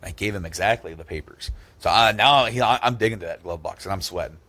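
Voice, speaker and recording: Animated low-voiced man telling stories. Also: fast. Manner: animated, acts out both sides of his stories with raised voices. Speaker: podcast host. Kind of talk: casual storytelling chat.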